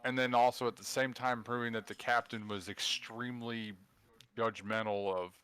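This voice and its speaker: A man's voice: medium pitch, little pitch movement, normal speed, bright, forceful tone, clean tone. A man playing a tabletop game, chatting in a rambling way. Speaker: player. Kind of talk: casual tabletop game chat.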